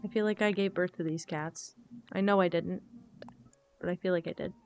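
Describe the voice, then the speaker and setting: A woman's voice: on the low side, fairly even intonation, normal speed, a little mellow, soft background music. A woman streaming a game, chatting casually and emotionally with viewers while she plays.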